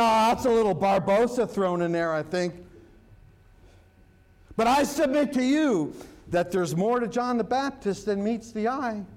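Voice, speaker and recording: Pastor guy preaching a sermon, highish voice, takes his time, cracks jokes as he goes. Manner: humorous, joke-telling preacher.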